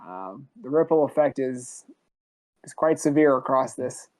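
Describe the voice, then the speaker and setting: A man talking as a guest on a podcast, relaxed and conversational, with some fillers. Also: mid-range voice, measured pace. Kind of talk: casual podcast discussion.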